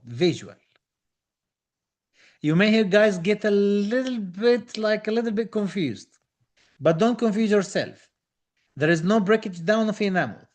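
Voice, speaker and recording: A high-pitched man with as a teaches a live online dental exam class. He talks with eager enthusiasm, repeating key phrases to encourage his students. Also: a little mellow. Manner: enthusiastic, reads out viewer comments, repeats phrases.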